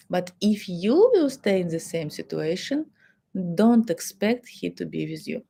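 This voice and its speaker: A woman with a Russian accent speaks as a therapist giving advice in plain, simple non-native English. Her voice is mellow and warm, and she talks straight to her listeners. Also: mid-range voice. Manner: non-native English with simple grammar, acts out quoted dialogue. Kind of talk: advice talk to the camera.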